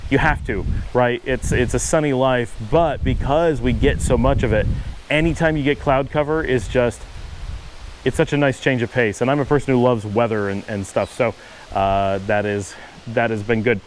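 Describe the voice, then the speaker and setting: Guy with a northern us accent vlogging outside, mid-pitched, lots of restarts. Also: slight background noise. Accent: Northern US, Cleveland-Buffalo area. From United States. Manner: thoughtful, lecturing, frequent restarts. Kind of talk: casual explanatory monologue. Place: outdoors in Central America. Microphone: handheld camera.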